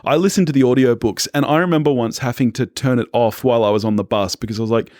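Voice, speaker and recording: An Australian man co-hosting a film podcast, chatty and quick to laugh in casual banter. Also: medium pitch, no echo, clean studio sound. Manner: chatty, laughs often, animated. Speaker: podcast co-host. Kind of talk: casual film-review chat.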